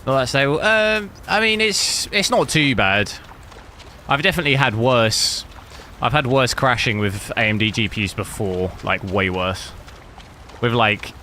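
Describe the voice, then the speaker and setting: A young man talks to his stream chat in a loose, rambling way, hopping between hardware talk and banter. His voice is bright and forward, with faint background noise under it. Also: mid-range voice. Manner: rambling, chatty, answers viewer chat. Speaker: gaming streamer. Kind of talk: casual live-stream chat while benchmarking.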